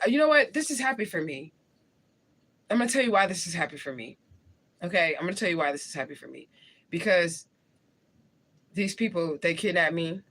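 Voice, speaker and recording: A forties-aged woman from St. Louis, Missouri runs a live chat, answering comments from her viewers. Fairly low in pitch with a fairly bright tone, she talks in a blunt, slangy way and laughs a lot.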